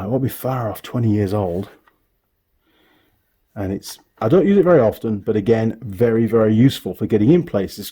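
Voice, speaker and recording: This UK mechanic and YouTuber, a middle-aged man, has a fairly low, mellow voice with a slight roughness. He's giving a laid-back tour of his home workshop tools, rambling and stopping to correct himself.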